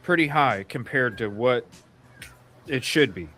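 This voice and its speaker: A man's voice: mid-range voice, lively intonation, measured pace, bright, forceful tone, faint music behind. Blunt, swearing man hosting a talk show. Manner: blunt and opinionated, swears casually; rambling with frequent restarts. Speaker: podcast co-host. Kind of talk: casual true-crime talk show chat.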